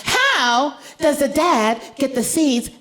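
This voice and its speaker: A woman voicing a curious, excited four-year-old girl who blurts out questions breathlessly. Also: sits high, slow, pitched above the performer's own voice, heavily acted. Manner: breathless, wide-eyed, blurting.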